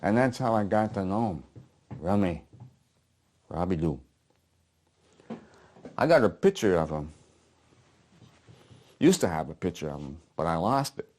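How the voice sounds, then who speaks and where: A man reading his play aloud, playing a gruff, haunted old war veteran, telling his story bluntly and with swearing. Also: sits low, very animated, measured pace, pauses often, darkish tone, exaggerated voice. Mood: weary. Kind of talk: dramatic monologue reading. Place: apartment living room.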